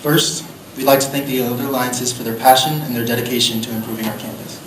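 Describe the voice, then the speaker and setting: A young man gives a formal, rousing debate closing statement in a middle-pitched voice. The hall adds a clear echo, and steady background noise sits under him. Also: quick pace. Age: young adult. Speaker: student candidate.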